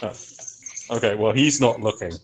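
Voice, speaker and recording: A man's voice: medium pitch, moderate pace, slight background noise. A man playing a tabletop game, asking questions in a matter-of-fact way. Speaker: player.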